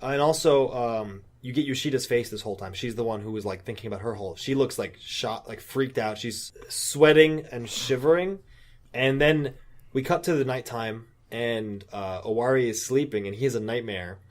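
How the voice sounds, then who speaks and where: A man on a podcast walks his friends through a creepy story in a relaxed, chatty way. His voice sits at an ordinary middle pitch. He swears freely and slips into the characters' lines as he goes. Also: normal speed. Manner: loose and profane, acts out quoted lines. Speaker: podcast co-host. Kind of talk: casual chat retelling a story.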